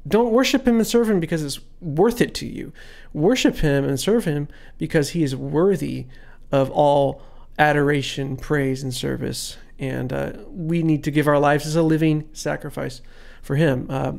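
A man's voice: a little high, moderate pace, creaky, a little mellow. A man giving a casual Bible devotional, talking through points conversationally with frequent fillers and reading scripture aloud. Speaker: devotional speaker.

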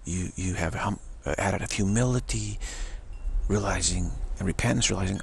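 A man's voice: sits low, fairly quick, a little hiss or hum. A man giving an informal religious sermon as a spiritual teacher, rambling and repeating himself, with emphatic declarations. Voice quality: gravelly, husky voice. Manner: rambling, repetitive, with many restarts and emphatic declarations.

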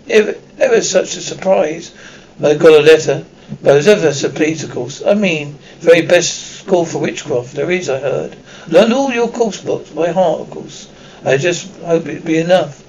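A man voicing a bossy, fast-talking schoolgirl witch in an audiobook reading, a little raised in pitch. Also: animated, vocal fry, a little mellow, dull audio, slight background noise.

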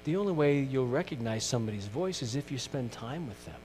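A middle-aged male pastor preaching a sermon, earnest, moving from loud emphasis to hushed questions. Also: medium pitch, lively intonation, a little fast. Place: church sanctuary. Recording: distant mic in a reverberant church with mains hum.

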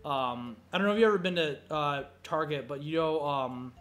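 A young man with a somewhat high voice tells rambling stories while he plays, swearing freely and leaning on fillers. Faint game music plays underneath. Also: lively intonation, moderate pace, a bit bright. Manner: rambling, profane, full of fillers. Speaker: gameplay commentary host. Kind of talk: casual storytelling chat.

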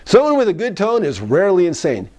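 Male therapist, animated talker who mimics tones and repeats his points, high-pitched voice. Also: quick pace. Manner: animated, acts out tones of voice, repeats key phrases. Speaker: psychologist. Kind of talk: casual advice monologue.

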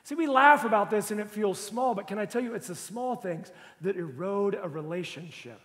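A man, a lead pastor, preaching a sermon and telling a funny personal story, animated with bursts of shouting. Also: sits high, normal speed. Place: church auditorium. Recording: long reverb of a large church hall.

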